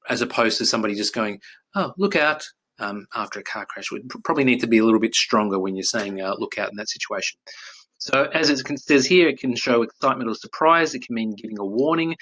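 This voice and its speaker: A male primary school teacher talking through a grammar lesson in a relaxed, chatty way, with fillers and self-corrections, and now and then acting out exclamations in a sudden loud, high voice.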